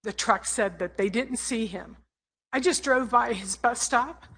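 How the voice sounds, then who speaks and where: An older woman giving an emotional public comment at a city council meeting, halting and apologetic as she speaks. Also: fairly high pitch, fairly bright tone, poor audio. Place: council chamber. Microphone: podium microphone.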